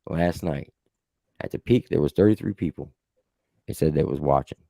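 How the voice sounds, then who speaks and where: A man's voice: a bass voice, moderate pace, creaky, dark tone, no echo, studio quality. A man hosting his own show, telling a heated story in a casual, profane way. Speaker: show host. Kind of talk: heated casual livestream rant.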